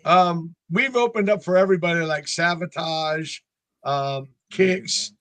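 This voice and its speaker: A talkative man in his sixties from North Carolina with a notably high speaking voice, chatting casually as an interview guest. He spins stories and slips into the voices of the people in them. The sound is close and dry, with no room around it. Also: unhurried, a bit bright, no echo. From North Carolina, USA. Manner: chatty storyteller, acts out other people's lines. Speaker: band frontman, interview guest.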